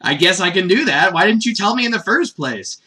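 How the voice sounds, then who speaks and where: A man doing a shrill, naive boy hero. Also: very animated, fairly quick, slightly rough, full character voice. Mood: puzzled. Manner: high, yelling, innocent. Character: excitable young boy hero, naive and wide-eyed.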